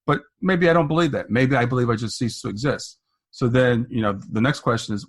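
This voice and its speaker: A man's voice: medium pitch, a little fast. A man hosting a podcast interview, friendly and affirming toward his guest. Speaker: podcast host.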